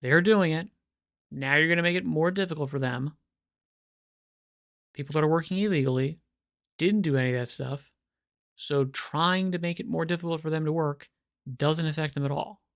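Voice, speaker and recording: Deep gravelly woman, blunt, argues, dry mic. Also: normal speed, long pauses, dry recording. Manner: blunt, argumentative. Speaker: co-host. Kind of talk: casual political chat.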